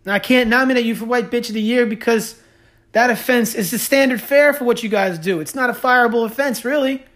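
A man's voice: very high-pitched, fairly quick, fairly bright tone. Man, podcast host, ranting monologue, profane, sarcastic, heated.

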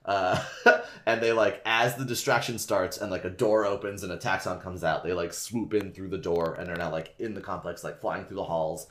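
A man's voice: low voice, fairly even intonation, normal speed, fairly bright tone, reverberant. A man co-hosting a podcast, casually retelling a book with lots of "like" and "uh", swearing and laughing along the way. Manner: loose and rambling, full of "like" and "uh", reading passages aloud. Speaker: podcast co-host recapping a book. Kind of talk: casual chat, retelling a story.

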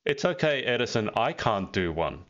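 A man's voice: mid-range voice, big pitch swings, moderate pace, fairly bright tone. A man hosting a casual live-stream pageant interview over a video call, chatty and teasing as he reads out viewer comments. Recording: dull lo-fi video call audio.

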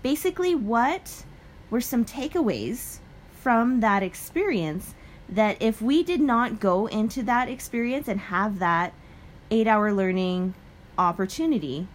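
A young adult woman co-hosting a podcast in casual chat, telling stories in an animated way and laughing often. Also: mid-range voice, a little hiss or hum. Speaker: podcast co-host.

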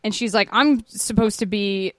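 An animated woman in her thirties chats through a TV episode on a podcast, swearing freely and cracking up often. Her voice sits at an ordinary middle pitch. The sound is dry and close to the mic. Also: no room sound. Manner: animated, swearing, quick laughs. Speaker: podcast host. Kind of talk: casual chat recapping a TV episode.

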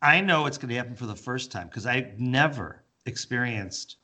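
A man co-hosting a podcast who talks openly and thoughtfully about his own life. His tone is relaxed and conversational, with casual swearing mixed in. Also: medium pitch, moderate pace. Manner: candid and reflective, swears casually. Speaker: podcast co-host. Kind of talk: casual chat.

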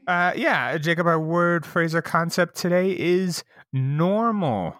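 A man's voice: a little high, takes it slowly, a bit bright, no echo, studio quality. A young man co-hosting a casual podcast, riffing on jokes and swearing freely. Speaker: podcast co-host.

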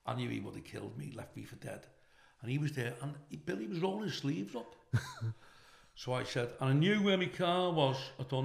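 A man's voice: mid-range voice, animated, fairly quick, creaky. A middle-aged man, a comedian telling stories as a guest, swearing freely and laughing along as he talks. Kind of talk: anecdotal storytelling. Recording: roomy echo.

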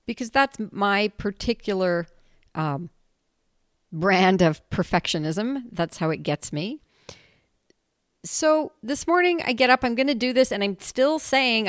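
Woman, podcast host, casual solo monologue, candid, animated, smooth voice, dry room. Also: medium pitch, a little slow, no room sound. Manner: candid, animated, laughs often and swears.

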